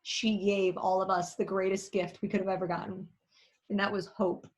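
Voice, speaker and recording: An animated woman giving a motivational talk on a video call, emphatic, acting out little quotes and laughing as she goes. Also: medium pitch, moderate pace. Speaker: network marketing leader speaking as a guest.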